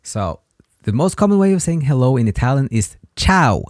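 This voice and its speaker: A man's voice: medium pitch, sing-song, normal speed, no room sound. Man, podcast language teacher, patient, repeats phrases, dry close sound. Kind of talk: slow spoken language lesson.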